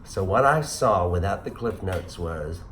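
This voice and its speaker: A man's voice: deep voice, expressive, measured pace, a bit bright, slight background noise. A man in his sixties hosting a casual chat, rambling and self-deprecating. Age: 60s. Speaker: host.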